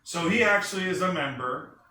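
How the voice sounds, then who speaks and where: Brisk and animated, a man with a fairly high voice pitches enthusiastically to a small group and asks them questions throughout. Faint noise and echo come through from a distant mic.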